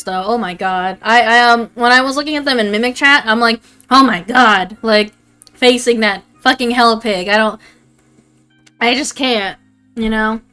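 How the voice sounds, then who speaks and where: A woman's voice: on the high side, sharp tone. A young adult woman chatting casually on a livestream, rambling and swearing freely. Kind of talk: casual stream chat.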